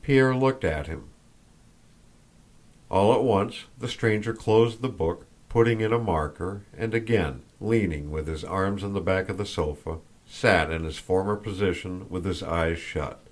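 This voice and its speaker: A man reading a classic novel aloud as an audiobook narrator, in a measured, even delivery. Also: sits low. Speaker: audiobook reader. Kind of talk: scripted narration.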